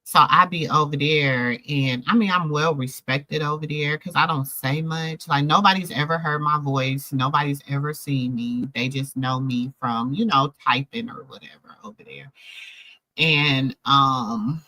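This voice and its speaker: A middle-aged woman telling stories in a casual chat to her viewers, animated and calling out to them. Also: low voice, a little slow, no echo, low-quality recording. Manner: animated storytelling, calls out to viewers. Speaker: host.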